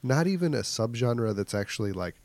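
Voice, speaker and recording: A man's voice: medium pitch, big pitch swings, brisk, darkish tone, dry recording. A man co-hosting a podcast in casual chat, wry and rambling, often trailing off. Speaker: podcast co-host. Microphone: podcast mic without pop filter.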